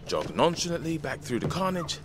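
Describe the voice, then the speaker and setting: A laid-back, wisecracking game survivor. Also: male voice, on the high side, sing-song, fairly quick. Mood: dry. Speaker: game character.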